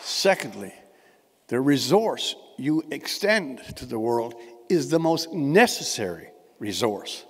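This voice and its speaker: A man's voice: medium pitch, very animated, slow, fairly bright tone, a little hiss or hum. A man, giving a humorous keynote speech in a wordy, witty storytelling manner, with dry and elaborate phrasing. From Newfoundland, Canada. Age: 70s. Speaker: keynote speaker. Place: large indoor conference hall. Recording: echoey hall, long reverb.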